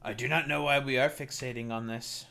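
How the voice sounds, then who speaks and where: A man's voice: medium pitch, steady tone, a little fast, gravelly, sharp tone. A man streaming a game live, talking casually and ranting profanely at his chat.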